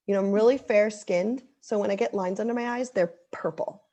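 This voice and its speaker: A woman's voice: medium pitch, a little fast, mellow. A woman in her thirties speaking as an interview guest, earnest and heartfelt, with many likes and ums. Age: 30s. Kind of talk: casual interview chat.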